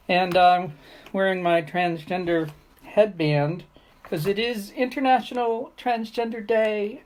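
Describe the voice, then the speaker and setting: A woman hosting a casual video, talking in a rambling, playful way with frequent ums and uhs. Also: fairly low pitch. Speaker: online video host. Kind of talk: casual chat to camera.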